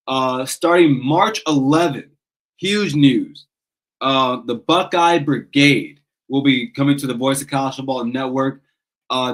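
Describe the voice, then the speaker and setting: A man's voice: mid-range voice, low-quality recording. A man in his thirties hosting a casual sports call-in show, ranting with passion, swearing and restarting his sentences. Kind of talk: casual fan talk show.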